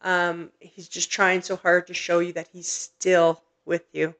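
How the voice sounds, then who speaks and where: A gentle, earnest woman hosting a live psychic reading. She reassures her listeners softly and hesitates often with ums and restarts. Her voice carries quiet emotion. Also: fairly low pitch, little pitch movement, unhurried. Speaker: psychic medium host. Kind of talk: live-streamed spirit reading.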